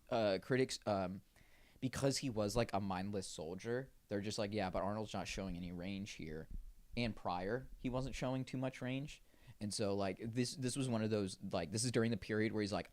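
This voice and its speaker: Low-voiced man, loose sweary banter. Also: no echo. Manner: swears freely, stumbles over words, joking banter. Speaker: podcast co-host. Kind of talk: casual film chat.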